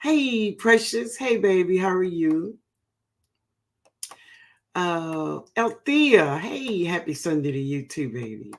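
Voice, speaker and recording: Slow, gravelly New woman. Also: fairly low pitch, sing-song. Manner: affectionate, calls viewers baby and honey. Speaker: host of a gardening livestream. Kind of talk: casual livestream chat greeting viewers.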